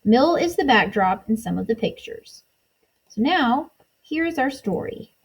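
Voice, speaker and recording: A woman's voice: fairly high pitch, lively intonation, unhurried, husky. A woman reading an author's note aloud in a plain, matter-of-fact way.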